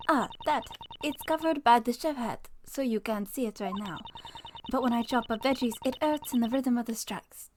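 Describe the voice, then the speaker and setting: A woman's voice: on the high side, moderate pace, a little hiss or hum, lightly acted. A woman voicing a brash middle-aged female ship's cook, with a theatrical, sing-song Italian accent put on for the role. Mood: boastful. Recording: game music playing behind.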